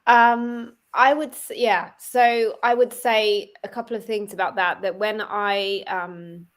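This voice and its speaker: Woman, mid-pitched voice, guest speaker, affirming and chatty, video call. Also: fairly even intonation, slow pace. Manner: warm, affirming, with frequent murmured agreement. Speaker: guest, angel therapist. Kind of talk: casual chat.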